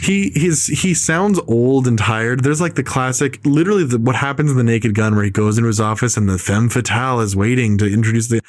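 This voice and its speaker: A man's voice: medium pitch, a little fast, few pauses, no echo. A man ranting emphatically about a film on a casual podcast, piling up repeated harsh verdicts. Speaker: podcast co-host.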